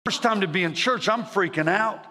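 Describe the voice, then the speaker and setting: Forceful male preacher in an echoing hall. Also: sits high, moderate pace. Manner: animated, swings from shouting to hushed. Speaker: preacher giving his testimony. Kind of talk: storytelling sermon to a live audience. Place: large church hall with audience. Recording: reverberant hall sound.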